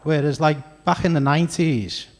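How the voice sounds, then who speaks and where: A man with a Scouse accent working a comedy club stage, chatting with the crowd in a stand-up set. His voice sits a touch high for a man, and he lands crude punchlines in a self-deprecating way. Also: normal speed. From Liverpool area, England.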